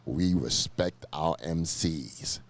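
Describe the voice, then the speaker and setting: A man with a very deep, low voice hosts a relaxed sit-down interview. He talks emphatically, circling back over his phrases to drive a point home. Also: slow pace. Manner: emphatic, repeats himself for stress. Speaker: interview host.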